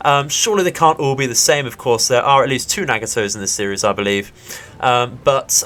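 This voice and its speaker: A man's voice: mid-range voice, animated, fairly quick, a bit bright. A man hosting a let's play, giving polite, upbeat commentary on each move and laughing off setbacks. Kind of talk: gameplay commentary.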